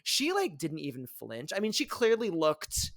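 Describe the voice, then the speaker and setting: A man in casual podcast chat, agreeable and quick with short replies, recorded close in a studio. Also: on the high side, huge pitch swings, creaky, fairly bright tone, no echo. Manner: agreeable, frequent backchannel replies.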